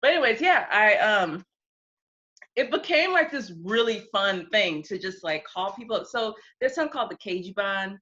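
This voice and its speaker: Bright-voiced young woman, lo-fi call. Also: mid-range voice, animated, normal speed. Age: 20s. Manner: chatty storyteller, often acts out quotes. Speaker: guest. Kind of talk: casual interview chat.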